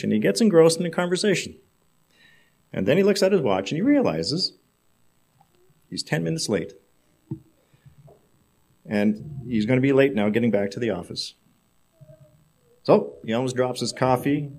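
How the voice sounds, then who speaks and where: A male preacher delivering a sermon, telling a story in measured, emphatic phrases. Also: mid-range voice, creaky, a little mellow.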